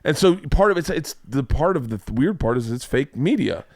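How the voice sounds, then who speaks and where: A man's voice: a little high, brisk, no room sound, clean studio sound. A middle-aged man, a comedian hosting a podcast, chatting casually and acting out the people in his stories. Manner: animated storyteller, acts out quotes in a raised voice. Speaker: podcast host. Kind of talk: casual chat.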